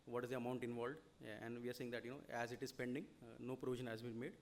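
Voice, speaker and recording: A man with an Indian English accent delivers a seminar lecture at a very fast clip. His voice sits at a middle pitch, and he keeps his explanations rolling with frequent "you know" and checks of "okay?". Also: flat delivery, slight background noise. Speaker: lecturer on audit reporting.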